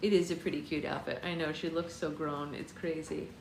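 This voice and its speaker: A woman's voice: sits low, flat delivery, fairly quick, creaky. Young woman, book club read-aloud, chatty, echoey room, faint background hum. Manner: chatty, breaks off to soothe her baby. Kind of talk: live read-aloud of a novel.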